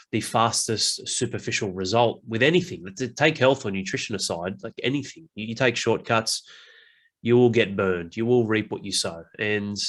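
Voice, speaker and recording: A man's voice: lowish voice, fairly bright tone. A man hosting a podcast in a loose, casual chat. His talk is blunt and full of swearing. He often slips into mocking impressions of other people's complaints. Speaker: podcast host.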